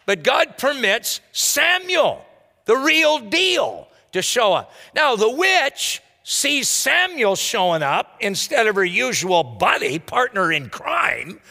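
Male pastor, high and expressive, conversational sermon, reverberant church sound. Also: takes it slowly, gravelly. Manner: lively, conversational preaching with rhetorical asides.

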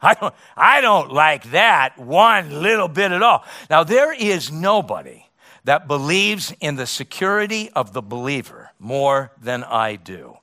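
A middle-aged man preaching a sermon as pastor, emphatic, with rhetorical questions and dramatic pauses. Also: on the high side, sing-song, bright, forceful tone.

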